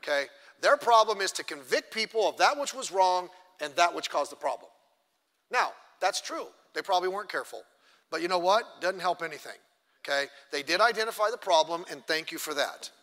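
Expressive and brisk, a middle-aged pastor with a high, pushed, bright voice teaches a church class in a chatty way, joking at his own expense and acting out little quotes. It sounds like conversational sermon teaching in a church hall with long reverb.

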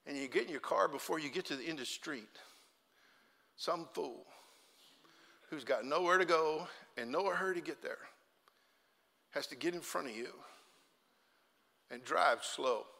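A middle-aged male pastor preaching a sermon, telling humorous stories with animated outbursts to a church congregation. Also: a little high, normal speed, vocal fry, long pauses, big-room sound. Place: church sanctuary.

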